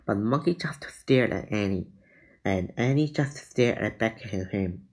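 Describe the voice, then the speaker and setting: Slow man reading a children's book. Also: lowish voice, expressive, darkish tone, low-quality recording. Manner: slow, deliberate reading with small slips. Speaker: reader.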